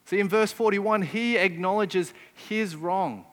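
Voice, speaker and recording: A man's voice: high-pitched, unhurried, big-room sound. A man preaching a sermon, emphatic and often putting rhetorical questions to his listeners. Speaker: pastor.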